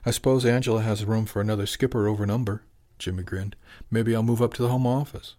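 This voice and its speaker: A man reading a novel aloud as narrator, even in his storytelling and lifting his voice for the characters' lines. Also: lowish voice, fast. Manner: even storytelling, lifts into dialogue. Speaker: audiobook narrator. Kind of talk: scripted narration.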